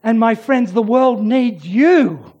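A preacher giving a sermon, swinging between loud urging and hushed near-whispers. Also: medium pitch, lively intonation, takes it slowly, dull audio.

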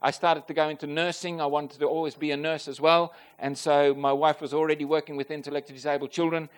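A man preaching a personal testimony to a congregation, earnest and emotional, swelling loud on key points and asking the listeners direct questions. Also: fairly high pitch, flat delivery, quick pace. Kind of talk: sermon testimony.

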